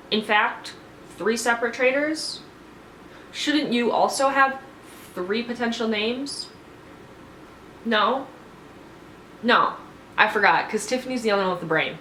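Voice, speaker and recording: A woman reviewing a TV episode, retelling it in an animated, sarcastic way. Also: fairly high pitch, a little hiss or hum. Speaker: TV show reviewer. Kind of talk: casual episode recap. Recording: roomy echo.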